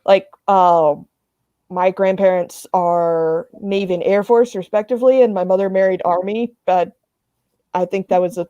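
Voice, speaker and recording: A woman's voice: mid-range voice, fairly even intonation, normal speed, warm tone, clear, resonant tone, no room sound, highs cut off. A woman panelist chatting casually on a video call, often restarting her sentences.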